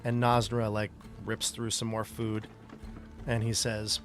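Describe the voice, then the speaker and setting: A man's voice: on the low side, monotone, measured pace, a bit bright, soft background music. A man narrating as game master of a tabletop game, loose and rambling with many fillers. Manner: loose, rambling narration full of "like" and "you know".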